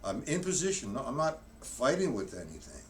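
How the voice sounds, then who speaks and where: A man's voice: mid-range voice, big pitch swings, fairly quick. A man teaches drums on a live stream in a loose, rambling way, breaking off to count beats aloud. He sits well back from the microphone, and the room around him is noisy. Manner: rambling, self-correcting, counts out loud while demonstrating. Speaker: drum teacher. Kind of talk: live-streamed drum lesson. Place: practice room with a drum kit. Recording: distant mic, noisy room.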